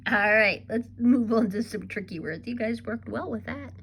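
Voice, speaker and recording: Recording a reading lesson for young kids, a kindergarten teacher speaks at normal speed in a voice on the high side, gravelly and a bit bright. Her sing-song delivery is upbeat and encouraging, with slight background noise.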